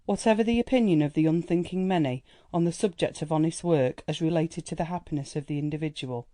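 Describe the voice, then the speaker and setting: A classic novel is read aloud by an audiobook narrator with a mid-range voice, who keeps the storytelling measured and even.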